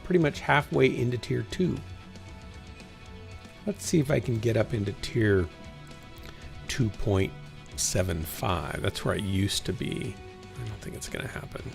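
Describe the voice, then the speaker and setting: A tired livestreaming gamer rambles to himself and a small chat while he plays, yawning now and then. His medium-pitched voice is creaky and darkish, moderately paced with frequent pauses, and faint music plays behind him.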